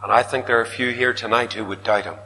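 A man preaching to a congregation, his voice rising to loud declamations and then dropping to near whispers. His pitch sits in a middle register, and a long reverb trails every phrase through the hall. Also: steady tone, fast talker. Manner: dramatic, swinging from loud declaiming to hushed whispers. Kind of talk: sermon.

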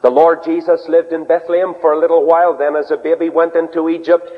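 A man's voice: little pitch movement, fast. Earnest preacher man on old radio. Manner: earnest storytelling, drops low and soft for quoted words. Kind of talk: sermon. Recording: dull radio broadcast with long reverb.

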